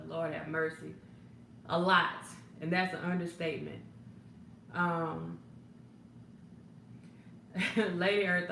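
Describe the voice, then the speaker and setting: A woman's voice: on the low side, creaky, a bit bright. A woman life coach hosting a casual livestream, greeting viewers by name in a laid-back way with frequent ums and laughs. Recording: echoey room, faint background noise.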